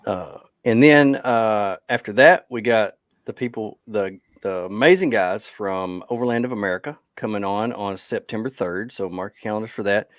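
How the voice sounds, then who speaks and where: A man's voice: fairly low pitch, moderate pace, no room sound, studio quality. A tired man co-hosting a podcast, chatting casually and rambling as he loses his train of thought. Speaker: podcast co-host.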